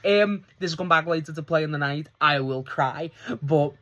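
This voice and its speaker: A man casually reviewing a wrestling show on his own, excitable and swearing freely as he recounts the segments. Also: on the high side, moderate pace.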